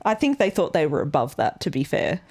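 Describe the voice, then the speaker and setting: Low-voiced woman co-hosting a chatty podcast. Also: very animated, a little fast, a little mellow, husky. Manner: chatty and playful, laughs often, trails off with fillers. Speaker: podcast co-host. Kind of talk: casual chat.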